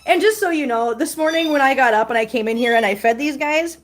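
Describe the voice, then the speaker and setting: With a high voice and a fast way of talking, a middle-aged woman runs a casual livestream with her cats, responding aloud to viewer comments and cooing baby talk at the kittens.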